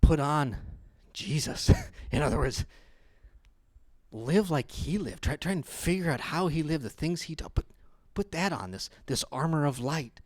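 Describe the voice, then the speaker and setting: A young adult man pastor preaching a sermon in a conversational, storytelling way, laughing often and growing loud and animated in his stories. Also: on the high side, moderate pace, no room sound, clean studio sound. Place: church.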